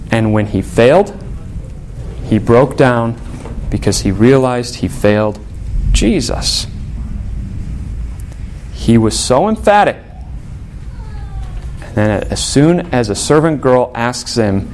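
A man preaching a sermon, telling a story in an easy, conversational way. He slips into the voices of the people he quotes and speaks at an even middle pitch. A faint hiss sits behind his voice. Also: takes it slowly, long pauses. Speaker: pastor.

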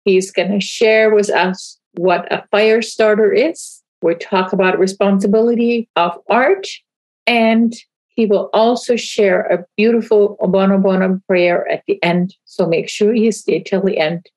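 A woman's voice: medium pitch, fairly even intonation, unhurried, a little mellow, poor audio. A woman hosting a podcast, introducing her guest and asking questions with enthusiasm. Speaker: podcast host.

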